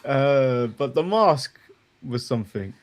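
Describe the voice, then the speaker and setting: A man's voice: mid-range voice, expressive, slow. A man co-hosting a casual wrestling review chat, rambling and joking, chuckling at his own remarks. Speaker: co-host.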